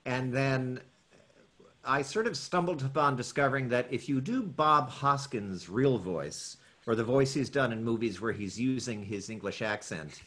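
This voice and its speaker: Guy rambling about his acting work, laughs a lot, normal pitch. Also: a bit bright. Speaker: guest voice actor. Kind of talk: casual interview chat.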